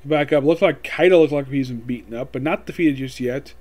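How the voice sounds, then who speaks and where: A man casually recapping a manga chapter, rambling and reading lines aloud in quick voices. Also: mid-range voice, darkish tone. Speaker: manga reviewer.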